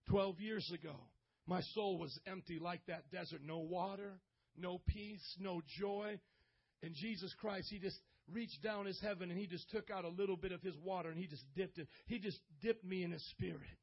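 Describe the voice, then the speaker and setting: A youth pastor preaching a sermon with emphasis, calling on the listeners to answer back, then dropping to a hushed, close tone. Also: male voice, sits high, moderate pace, vocal fry, slightly rough. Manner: emphatic preacher, calls on the audience to respond; swings between loud exhortation and hushed, intimate delivery. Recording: dull lo-fi audio.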